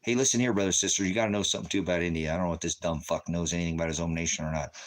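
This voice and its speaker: A middle-aged man with a very deep, low voice hosts a ministry livestream and answers his chat. He swears freely and taunts his critics in a combative way. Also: steady tone, very fast, a little hiss or hum. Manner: profane, combative, taunting, with bursts of laughter. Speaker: ministry host.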